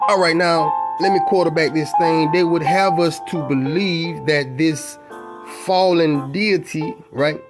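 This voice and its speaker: High-voiced slangy male commentator. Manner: call-and-response interjections, slangy and profane. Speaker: channel host. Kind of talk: casual commentary over a reading. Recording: piano music playing behind the voice.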